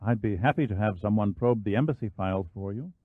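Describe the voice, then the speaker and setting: A man's voice: fairly low pitch, quick pace, slightly rough, dry recording. A man voicing a reserved, formal British naval lieutenant in an audiobook, with polite, clipped phrasing. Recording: dry, phone-like narrow band.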